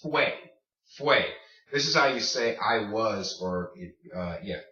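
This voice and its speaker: A man teaching a recorded Spanish pronunciation lesson, saying words slowly and repeating them. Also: fairly low pitch, animated, pushed and bright. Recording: echoey room, distant dull mic.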